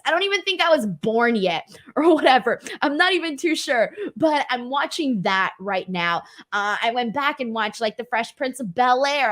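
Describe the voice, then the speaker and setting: Chatty young woman, lively and high. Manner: chatty, animated, many fillers. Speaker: wrestling media host. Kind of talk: casual Q&A vlog.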